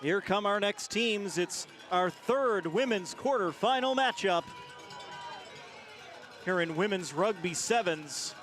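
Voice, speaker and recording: A man calling live rugby play-by-play as the main commentator, quick and energetic in his delivery. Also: sits high, soft background music, some chatter behind.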